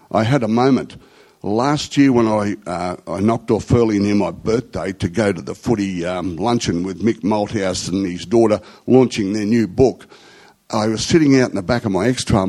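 Middle-aged aussie bloke rambling through a story to a group, casual slangy talk, mid-pitched voice. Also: male voice, a little mellow, low-quality recording. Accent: Australian.

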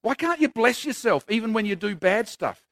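A man voicing his wife as she gently scolds him, pleading and questioning, his voice raised a little higher. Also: lively intonation, moderate pace.

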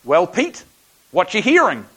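A man's voice: very high-pitched, very animated, normal speed, breathy edge, pitched above the performer's own voice, full character voice, rough recording. A man voicing an insistent middle-aged man who keeps coaxing a friend, in a put-on accent.

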